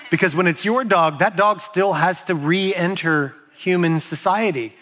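A man's voice: sits high, measured pace, a bit bright. A man preaching a sermon as a pastor, talking in a loose, joking, storytelling way and putting questions to his audience.

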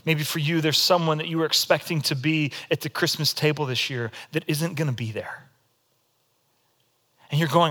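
Male pastor preaching, bright slightly high voice, animated demonstrative storyteller. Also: normal speed. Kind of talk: sermon.

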